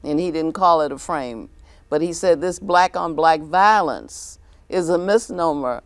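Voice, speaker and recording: A woman hosting a talk show, speaking deliberately as she quotes and clarifies points. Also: sits low, dry recording. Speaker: host.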